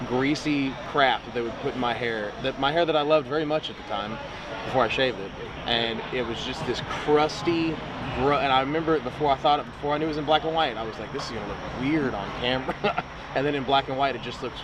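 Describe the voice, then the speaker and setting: A man, an actor guest, telling animated stories in a casual interview, acting out what others said to him. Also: medium pitch, quick pace. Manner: animated storyteller, acts out quotes. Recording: outdoor interview with clear street noise.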